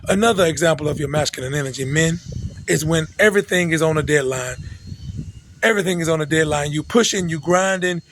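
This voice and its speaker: A man's voice: on the high side, a little fast, fairly bright tone, poor audio. A man, lecturing his listeners in a preachy, emphatic way. He repeats himself and restarts words to drive each point home. Faint noise hums behind him. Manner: repetitive, emphatic, with frequent restarts. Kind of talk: preachy direct-address monologue.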